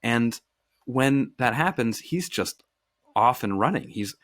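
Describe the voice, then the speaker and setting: A man who is a journalist and author, a guest on a podcast, telling stories in a casual, animated way, swearing freely and often restarting his phrases. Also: mid-range voice, takes it slowly, no echo. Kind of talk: casual conversational storytelling.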